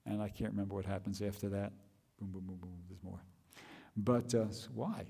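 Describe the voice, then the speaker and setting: A man's voice: fairly low pitch, steady tone, a little fast, vocal fry, warm tone, breathy edge, long reverb tail. A man giving a scripture class, thinking aloud with restarts and rhetorical questions.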